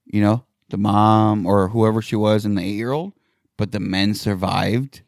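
A man's voice: lowish voice, steady tone, moderate pace, creaky, no echo, studio quality. A man co-hosting a crude casual chat, cracking sarcastic jokes and chiming in on stories. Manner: sarcastic, wisecracking. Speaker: podcast co-host. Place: outdoors in the cold.

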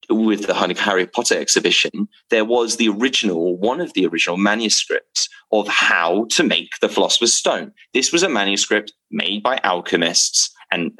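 A man telling a story to camera about his drinks brand, rambling and excitable, with many restarts and fillers. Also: on the low side, breathy edge.

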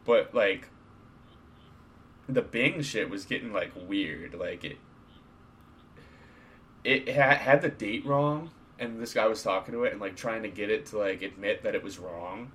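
A man's voice: lowish voice, measured pace, long pauses, fairly bright tone, a little hiss or hum. A man co-hosting a casual podcast chat, laid-back and swearing freely as he retells stories. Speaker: podcast co-host.

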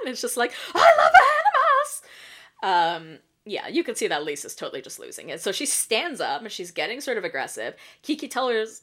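A woman's voice: lowish voice, a bit bright. A woman hosting a podcast and recapping reality TV in casual chat. She talks in a chatty way, laughs often and swears freely. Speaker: podcast host.

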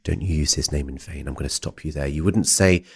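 A man voicing his excitable, forthright older mother, who yelps in alarm and scolds sternly. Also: rumbling low, fairly quick, breathy edge, heavily acted. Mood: scolding.

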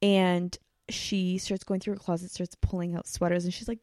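A woman's voice: medium pitch, steady tone, fairly quick, hardly any pauses, warm tone, no echo, studio quality. A woman in her thirties sharing a candid personal story in casual chat, saying 'like' often. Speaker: guest.

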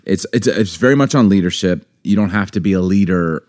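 Deep-voiced man in rambling casual chat. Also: a little fast. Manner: animated, rambling, frequent fillers. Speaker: podcast co-host. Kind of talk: casual chat about a book.

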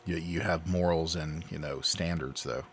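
A man's voice: extremely low pitch, steady tone, moderate pace, slight background noise. A man co-hosting a casual podcast chat who talks in dry, wry quips. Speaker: podcast co-host.

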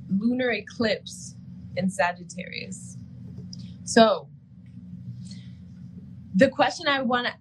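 The audio is poor, with a little hiss or hum, as a woman with a medium, slightly bright voice talks astrology as co-host of a loose live-stream show. Her chat is full of "like" and frequent laughter.

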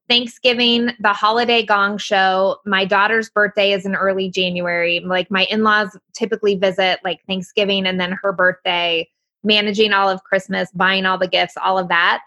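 A woman guest on a podcast, telling candid stories in an animated way, laughing and swearing freely. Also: mid-range voice. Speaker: guest life coach. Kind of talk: casual podcast conversation.

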